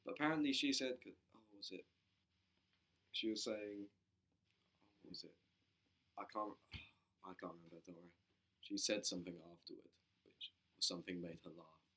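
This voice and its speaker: A young man in a casual group discussion, halting and often losing his train of thought. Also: low voice, pushed and bright.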